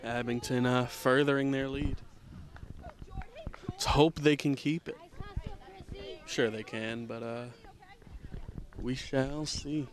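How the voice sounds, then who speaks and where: Guy doing goofy softball commentary outside in the drizzle, mid-pitch voice, jokes about not knowing the rules. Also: fairly even intonation, slow, long pauses, noisy background. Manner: self-deprecating, jokey, switches to hushed golf-announcer voice. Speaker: amateur sports commentator. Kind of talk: casual softball play-by-play commentary. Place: outdoors at a softball field in light rain.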